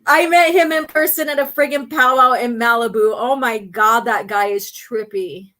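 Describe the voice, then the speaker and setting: A woman hosting a casual chat show. She talks in an unhurried, chatty way, laughs often, and is losing her voice. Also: on the high side, sharp tone. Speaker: host.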